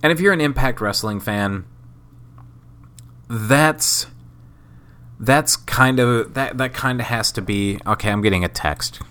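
Sick, rambling man with a bright voice. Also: medium pitch, unhurried, pauses often. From Wisconsin, USA. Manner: rambling, self-mocking, jokey. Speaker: podcast host. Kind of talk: casual solo podcast commentary.

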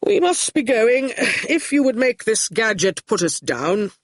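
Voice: mid-range voice, sing-song, a little slow, no room sound, voice pushed up. A polite, stubborn middle-aged father, as a reader puts him on. He speaks firmly, in a lifted voice that moves around a lot. The recording is dry and close. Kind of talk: audiobook character voice.

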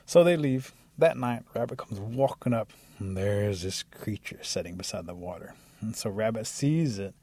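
A man telling a traditional animal folk tale in a lively, animated way. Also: fairly low pitch, normal speed, breathy edge, no room sound. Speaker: storyteller. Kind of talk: oral storytelling.

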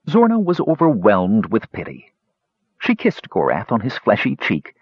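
A man narrating a story in an expressive, dramatic reading, in a slightly muffled recording. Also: lowish voice, unhurried, husky, dry recording.

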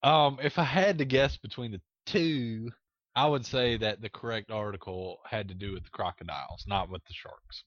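A man's voice: on the low side, moderate pace, fairly bright tone, no echo, muffled recording. A man on a casual podcast, guessing answers with joking, profane rambling. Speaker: quiz contestant.

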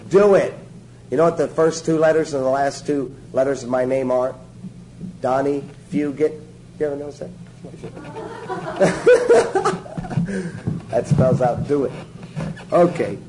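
A man's voice: mid-range voice, noisy background. A man giving a sermon-style teaching to a small group, emphatic and joking, repeating his instructions.

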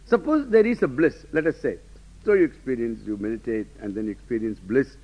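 A man's voice: medium pitch, lively intonation, brisk, mellow, slightly rough. A man teaching a lecture class, emphatic, often asking rhetorical questions and laughing to himself. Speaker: Vedanta teacher. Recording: dull lo-fi lecture recording.

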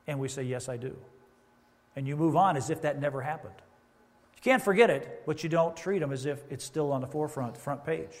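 Man, pastor, sermon, high voice, conversational asides, reverberant church hall. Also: lively intonation, brisk. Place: church sanctuary.

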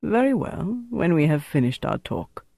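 A narrator voicing a calculating male officer who interrogates a prisoner in a calm, clipped, matter-of-fact way. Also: medium pitch, normal speed, gravelly, dry recording. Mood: cold, calm. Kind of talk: audiobook narration.

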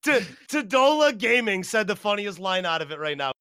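A man hosting a casual livestream podcast, excitable and profane, often breaking into laughter. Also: high-pitched, normal speed, clear, resonant tone, no echo. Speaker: podcast host.

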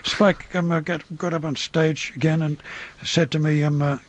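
Speaking at a normal speed in a voice a little high, an older Australian entertainer, interviewed as a guest, spins rambling show-business anecdotes. He restarts hesitantly and puts on others' voices for quotes.

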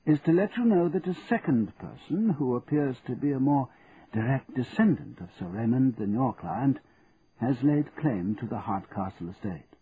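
A precise, courteous elderly male solicitor, as a male narrator puts him on, clipped and dry in his formal phrasing. His lines sit a little higher than a plain reading voice and move lively between notes. The sound is tinny and narrow with a faint hiss. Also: moderate pace, natural voice.

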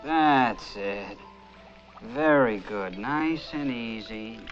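An actor playing a fussy mad-scientist tinkerer who gives soft coaxing instructions in a film scene, dull film audio with faint music. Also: male voice, medium pitch, lively intonation. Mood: soothing. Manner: slow, soothing, coaxing instructions.

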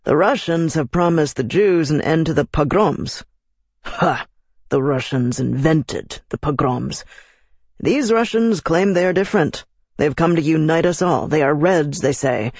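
A man's voice: medium pitch, vocal fry, a little mellow, slightly rough, no room sound. A man voicing a bitter, scornful Roma father in a storybook narration, speaking with defiant contempt.

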